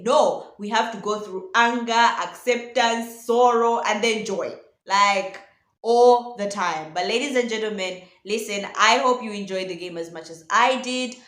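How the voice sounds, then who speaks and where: Excitable woman vlogger in an echoey room. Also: medium pitch. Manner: excitable, addresses viewers as ladies and gentlemen. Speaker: football vlog host. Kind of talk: casual football match reaction.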